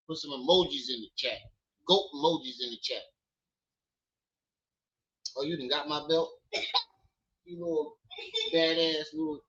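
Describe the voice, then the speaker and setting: A man hosting a casual live stream from home, teasing his kids loudly and then chatting with viewers. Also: a little high, unhurried, long pauses, lo-fi sound. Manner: loud playful teasing with his kids, then relaxed talk. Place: at home with children.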